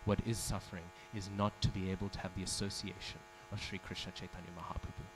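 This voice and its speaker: A man's voice: deep voice, little pitch movement, fast, background noise. A man giving a devotional class in a temple, telling a story, acting out the quoted speech and asking the audience questions. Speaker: speaker giving a scripture class. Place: temple hall.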